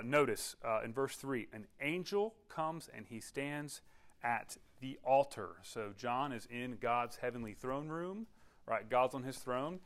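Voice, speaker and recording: A man preaching a sermon, explaining a passage in a relaxed teaching manner and often checking in with his listeners. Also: medium pitch. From United States. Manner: conversational teaching with frequent "okay?" check-ins; restarts and filler-heavy, explanatory. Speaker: pastor.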